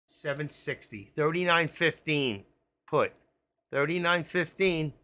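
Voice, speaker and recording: A man giving excitable, frantic live commentary on his options trades, talking straight to viewers. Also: fairly high pitch, a little slow. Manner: excitable, frantic, swears mildly, talks to viewers as folks.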